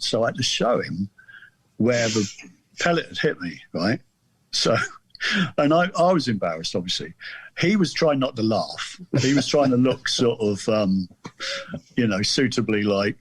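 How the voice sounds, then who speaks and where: Podcast guest, man about 60, husky tone, dry sound, loose amused storyteller. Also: lowish voice, lively intonation, moderate pace, dry recording. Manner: rambling, amused anecdote telling. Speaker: guest author. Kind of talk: casual storytelling chat.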